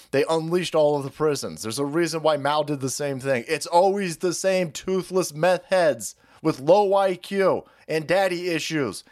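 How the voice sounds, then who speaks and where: A man hosting a livestream, ranting in a profane, mocking way and laughing often. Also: on the high side. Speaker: streamer host.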